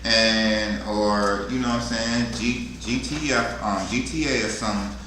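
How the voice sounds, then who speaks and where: A man co-teaching a security class in a relaxed, colloquial way. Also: on the low side, unhurried. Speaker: security co-trainer. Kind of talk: casual instructional talk. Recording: very echoey room, faint noise.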